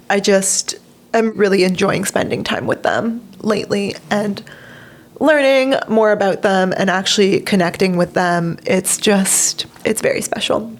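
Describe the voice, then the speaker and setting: A woman's voice: mid-range voice, slow pace. A young woman hosting a podcast, speaking openly and earnestly about personal growth, laughing often and tearful at times. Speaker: podcast host. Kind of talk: personal reflective monologue.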